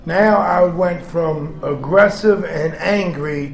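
A man in his forties giving a raw, profane personal testimony to a group, swinging between shouting and hushed talk. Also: sits high, normal speed, creaky. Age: 40s. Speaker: speaker sharing his story with a group. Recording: echoey room with background noise.

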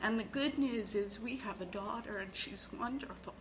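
A middle-aged woman sharing her story at a recovery meeting, halting and full of fillers, emotional and tearful at times. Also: medium pitch, noisy background. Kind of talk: personal share at a recovery meeting.

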